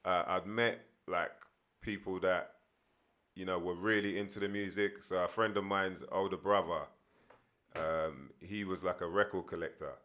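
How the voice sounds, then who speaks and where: A man's voice: low voice, fairly even intonation, moderate pace, a bit bright. A man in his thirties, a guest rapper telling rambling stories in a casual interview, full of fillers.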